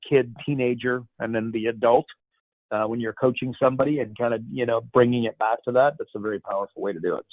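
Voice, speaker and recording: A man's voice: mid-range voice, no room sound. A man hosting a casual question-and-answer session on a video call, upbeat and chatty with loose slang. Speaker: host. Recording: tinny dry call audio.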